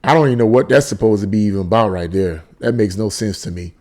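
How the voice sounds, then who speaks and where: A man's voice: fairly low pitch, fast talker, darkish tone. A man hosting a solo political commentary show, reading tweets aloud with exasperated, incredulous remarks and repeated phrases.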